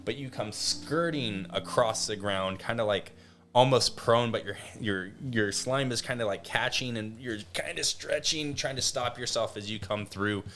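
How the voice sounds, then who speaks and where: A man with a mid-range, fairly bright voice narrates a tabletop game as game master at normal speed. His delivery is casual, with lots of fillers and restarts.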